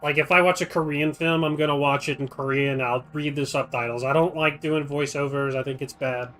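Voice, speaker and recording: A man hosting a live game stream, talking in a chatty, rambling way. His voice sits a little high, and he thinks out loud as he plays. Faint music runs in the background. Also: steady tone, fairly quick. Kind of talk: casual live-stream commentary.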